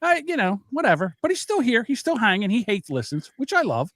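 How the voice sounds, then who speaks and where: A man's voice: extremely high pitch, brisk, dry recording. A man hosting a podcast, chatting casually and telling stories with lots of laughs. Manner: animated, laughing storyteller. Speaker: podcast host.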